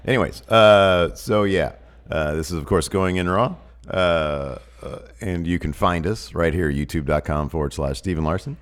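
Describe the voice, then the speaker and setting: A man's voice: deep voice, normal speed, clear, resonant tone. A man co-hosting a podcast in casual chat, sick with a cold, joking and rambling with lots of fillers into a studio mic. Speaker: podcast co-host.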